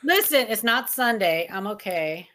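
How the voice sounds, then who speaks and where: A woman's voice: mid-range voice, expressive, measured pace, bright, forceful tone. A woman chatting casually as co-host, with playful, teasing asides. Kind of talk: casual chat.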